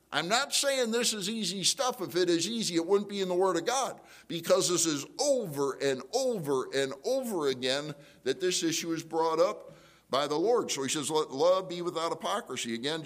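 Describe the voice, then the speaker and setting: Middle-aged pastor guy preaching to the church, kinda high voice, chatty, keeps asking the crowd questions. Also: fairly bright tone. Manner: conversational preaching with rhetorical questions. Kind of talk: sermon.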